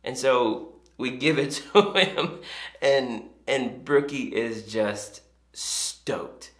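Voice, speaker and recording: A man's voice: mid-range voice, drawn-out words. A male pastor giving a sermon in a conversational, storytelling way. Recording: echoey room.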